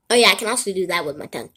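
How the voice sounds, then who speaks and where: A vlogger talks to the camera casually and ramblingly, cutting off her own story and apologizing again and again. Her mid-range voice is bright, pushed, and a little rough.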